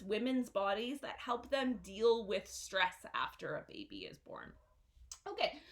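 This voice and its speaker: A young adult woman teaching English vocabulary at a classroom whiteboard, explaining words slowly and modeling their pronunciation again and again. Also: fairly high pitch, fairly bright tone. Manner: slow, careful explanations with repeated modeled pronunciations. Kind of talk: vocabulary lesson.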